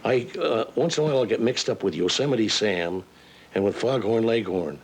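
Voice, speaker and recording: A man's voice: on the low side, normal speed, slight background noise. An older man, a voice actor, telling chuckling stories in a casual interview and slipping into character voices. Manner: chuckling storyteller who slips into character voices. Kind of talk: casual anecdotal interview chat.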